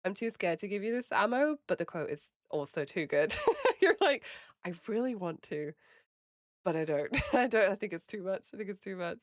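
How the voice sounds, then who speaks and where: Animated English woman streamer, lively pitch. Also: a little fast, no room sound, studio quality. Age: late 20s. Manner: animated, laughs often, swears casually. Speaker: livestreamer. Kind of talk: casual chat with viewers.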